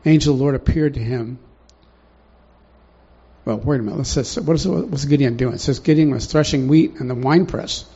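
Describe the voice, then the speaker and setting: A man's voice: medium pitch, brisk, dark tone, husky. A man preaching a sermon in a conversational way, often putting questions to the congregation, in a dull lo-fi recording.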